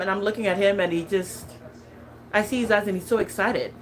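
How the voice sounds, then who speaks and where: A woman's voice: mid-range voice, steady tone, fast, rough recording. A woman in her thirties chatting casually as a lifestyle vlogger, laughing often and talking with many fillers and restarts. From California. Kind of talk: casual chat.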